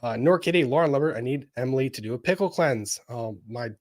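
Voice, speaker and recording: A man hosting a live legal commentary stream, reading viewer messages and reacting with wry, animated asides. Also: medium pitch, fast, hardly any pauses. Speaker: lawyer streamer reading chat.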